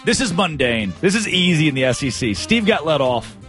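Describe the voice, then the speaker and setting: A man's voice: a little high, very animated, a little fast, a bit bright, faint music behind. A man hosting a morning sports talk radio show with a brash, hyped-up delivery.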